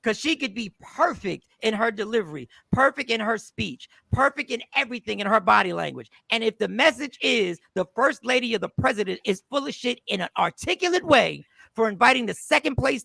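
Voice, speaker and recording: A man hosting a talk show, arguing his point forcefully in a heated panel debate and interrupting often. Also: very high voice, creaky, husky, no echo. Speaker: show host.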